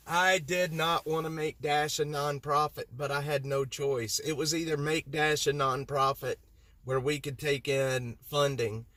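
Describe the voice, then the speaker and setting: A man's voice: on the high side, sharp tone, no echo. A man hosting a livestream from inside a vehicle, talking heatedly in circles and repeating himself as he answers viewer comments. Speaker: livestream host.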